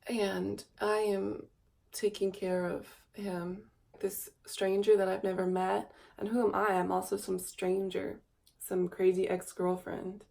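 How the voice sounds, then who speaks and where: A woman's voice: little pitch movement, measured pace, creaky, warm tone. A young woman in her twenties, tired, talking in a rambling, wistful confessional vlog to a camera mic. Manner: rambling and wistful, coos in a high baby voice. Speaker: vlogger.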